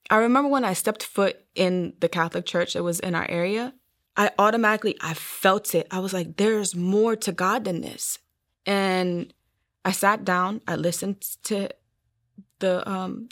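A young adult woman shares her personal testimony as a guest in an interview, speaking in a mid-range voice with a steady tone and measured pace. Her storytelling is earnest, and she acts out what other people said.

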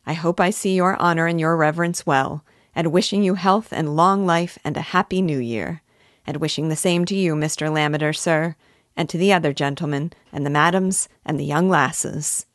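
A woman's voice: low voice, moderate pace, no echo, studio quality, close to an everyday voice. A woman voicing a small, hale old village fiddler who speaks reverently and deferentially, in a read-aloud novel lesson.

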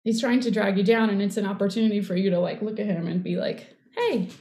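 A middle-aged woman in casual conversation, rambling and warm, with many fillers. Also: medium pitch, fairly even intonation, fast talker. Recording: echoey room.

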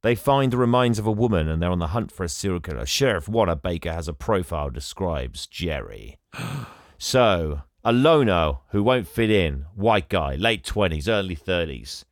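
A man co-hosting a casual film chat, animated and laughing often. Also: deep voice, moderate pace, dry recording, clean studio sound. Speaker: podcast co-host.

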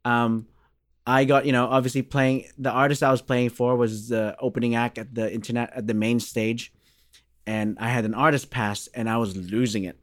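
A man in his thirties from Australia tells a long story in a relaxed interview, a bass player acting out the voices of the people in it. His pitch is mid-range, and the recording is dry and close. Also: normal speed, no echo. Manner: animated storyteller, acts out quoted dialogue.

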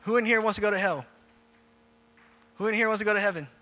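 Fast, pushed and bright, his high-sitting voice fills a reverberant church hall where faint music plays. He's a youth pastor preaching casually and repetitively, heading up a group prayer and an altar call.

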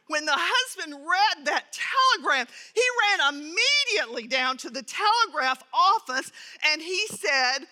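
Bright, high-voiced woman teaching scripture. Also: animated, unhurried. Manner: earnest, reads scripture aloud and adds commentary. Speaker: Bible study teacher. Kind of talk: Bible lesson with storytelling. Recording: reverberant hall.

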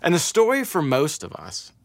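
A pastor preaching a Sunday sermon, retelling a scripture story and reading passages aloud with rising emphasis. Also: male voice, a little high, wildly swooping pitch, normal speed, creaky, no room sound, studio quality.

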